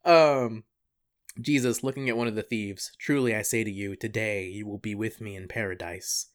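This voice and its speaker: This is a young man in casual, comedic podcast chat, laughing easily between bits. He reads passages aloud in a dry, deadpan way, with a voice of ordinary, middle pitch. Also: moderate pace. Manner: joking, laughs often, deadpan readings. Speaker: podcast co-host.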